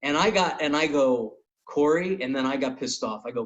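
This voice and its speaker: Animated male comic telling stories. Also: medium pitch, moderate pace, hardly any pauses, muffled recording. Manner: animated storyteller, acts out quotes. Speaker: podcast host and comedian. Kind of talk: casual storytelling.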